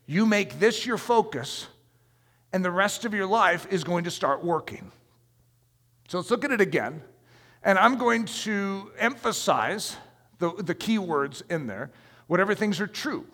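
A man delivers a sermon with a high, gravelly, bright voice that swings widely in pitch. He preaches in an emphatic, conversational way and asks his listeners questions. The long reverb of a large hall trails after his words.

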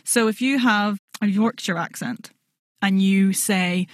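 A woman's voice: medium pitch, slow, no room sound, clean studio sound. A woman voice coach explaining vocal technique in an interview, articulate and playful, sometimes demonstrating sounds.

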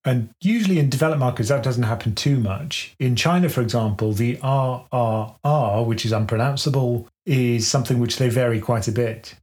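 A man talks through finance topics at a steady, mid-range pitch. His delivery is measured and explanatory, leaning on plain analogies to make a point in a relaxed podcast chat.

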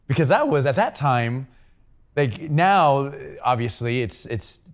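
A man's voice: medium pitch, expressive, measured pace. A man co-hosting a podcast, asking the guest questions and feeling his way through them. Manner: conversational, searching for words. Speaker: podcast co-host. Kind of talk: interview questions.

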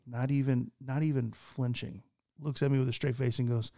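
A man in his thirties spins a casual story for a podcast, his pitch sitting in an ordinary middle range. He is animated, and he hops up into a higher register whenever he acts out what he or someone else said. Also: a little slow. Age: 30s. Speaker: podcast co-host.

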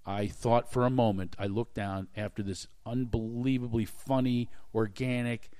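A man's voice: mid-range voice, moderate pace, clear, resonant tone. A man hosting a podcast, telling self-deprecating stories in a casual comedic chat. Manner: animated, self-deprecating storyteller. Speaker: podcast host.

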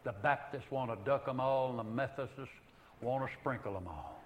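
An older man preaching a sermon in an earnest way, rising to loud emphatic peaks and then dropping to hushed, low passages. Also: normal speed, slight background noise, low-quality recording.

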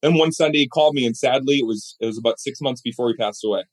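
Racing along in a mid-range voice, the middle-aged guest narrates lively tales during an interview chat. He animates them by performing the voices of the people he describes.

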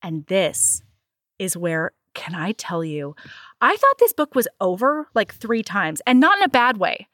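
A woman casually recapping a book in animated, profane chat, acting out the characters' lines as she goes. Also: mid-range voice, unhurried, no room sound, studio quality. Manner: animated, swears freely, acts out characters' lines. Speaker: podcast co-host reviewing a book.

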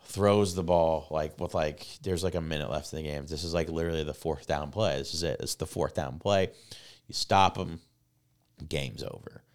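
A man co-hosting a casual podcast, telling a rambling, excitable story full of swearing and filler words. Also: very deep voice, moderate pace. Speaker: podcast co-host. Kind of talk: casual chat.

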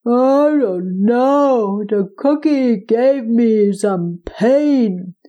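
A woman voicing a big male giant who is in pain and talks slowly. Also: fairly high pitch, highs cut off. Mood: aching. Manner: slow, drawn-out speech.

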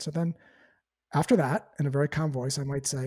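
Animated man coaching on sales calls. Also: fairly high pitch, quick pace, husky. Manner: animated, acts out sample phone dialogue. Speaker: sales trainer. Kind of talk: conversational sales coaching talk.

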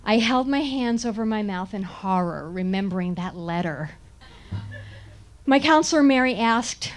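A woman telling a funny first-person story in an animated way, often laughing and sounding indignant. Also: mid-range voice, unhurried, soft background music.

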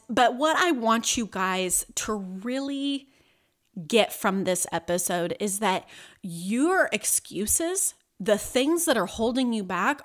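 A woman in her thirties hosting a motivational podcast, talking to listeners directly and earnestly, with a chatty manner full of "like" and "you know". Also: medium pitch. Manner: conversational, many fillers like "like" and "you know". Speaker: podcast host.

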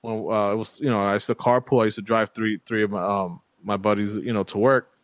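A man's voice: fairly low pitch, fairly even intonation, quick pace, dry recording. A young man in casual chat, a rambling, profane storyteller who acts out the people he quotes.

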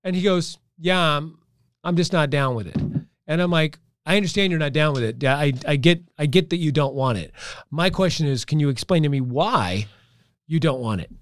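A middle-aged man in casual podcast chat, recounting a run-in at his gym and playing out each voice. His voice sits a little high and comes across smooth and clear, close and dry with no room sound. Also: fairly quick, dry recording. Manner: animated storyteller, acts out dialogue. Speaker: gym owner.

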